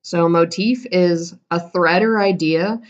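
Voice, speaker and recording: A woman's voice: on the low side, a little slow, highs cut off. A woman teacher giving a casual recorded lesson, explaining terms and correcting herself as she goes.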